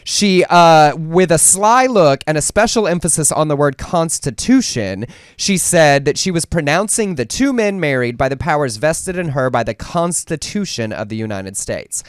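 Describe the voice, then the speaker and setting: A man's voice: fairly high pitch, lively intonation, normal speed, few pauses, smooth, no room sound, clean studio sound. A man co-hosting a casual news chat show, reading out stories with sarcastic asides. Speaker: talk show co-host.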